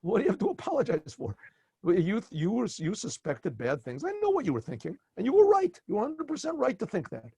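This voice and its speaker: A man voicing a wise, kindly old holy man who speaks calmly and reassuringly. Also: high voice, fast, gravelly, breathy edge, no echo, voice pushed up, exaggerated voice. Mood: calm certainty.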